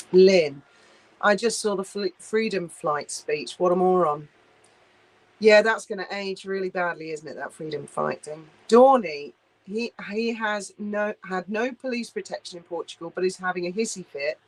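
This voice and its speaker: A woman's voice: on the low side, low-quality recording. A woman hosting a casual livestream, reading viewer comments aloud and answering in a chatty, blunt, sweary way. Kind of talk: casual live chat.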